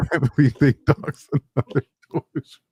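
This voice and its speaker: A man's voice: a little high, dark tone, slightly rough, no room sound. A man co-hosting a podcast in casual chat, wisecracking and laughing often.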